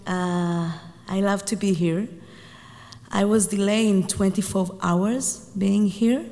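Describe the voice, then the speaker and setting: A woman's voice: medium pitch, fairly even intonation, takes it slowly, warm tone. Hesitant woman in a reverberant hall. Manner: hesitant, searching for words. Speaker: visiting rabbi. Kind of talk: informal remarks at a service. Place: large synagogue sanctuary. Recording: long reverb in a large hall.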